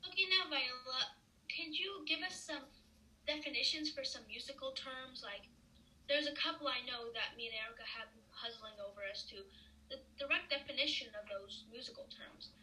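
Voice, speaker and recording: A woman's voice: high voice, normal speed, pushed and bright, slight background noise, low-quality recording. A woman hosting a comedy sketch interview, asking chirpy, eager questions. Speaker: podcast host.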